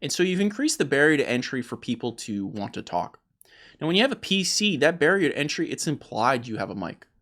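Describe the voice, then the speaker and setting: Animated, emphatic man talking games. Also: on the high side, brisk. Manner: emphatic, animated, repeats words when starting a point. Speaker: host. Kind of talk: opinionated gaming discussion.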